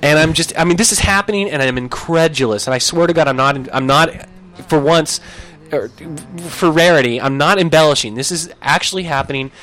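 A young man telling a comic story on a podcast, animated and profane, jumping into loud yelps when he acts out his own lines. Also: fairly high pitch, brisk.

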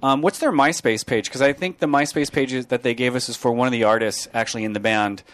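A man's voice: mid-range voice, quick pace, a bit bright. A man hosting an internet radio show, chatting casually and joking, with a loose, swearing manner. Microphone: studio microphone.

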